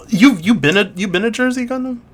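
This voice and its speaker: A man chatting casually as co-host, laughing constantly and stumbling over his words in excitement. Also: very high voice, slight background noise. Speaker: podcast co-host. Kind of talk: casual chat.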